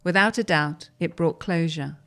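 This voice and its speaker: A woman hosting a program, reading a first-person interview article aloud in a measured storytelling manner. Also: fairly low pitch, a bit bright.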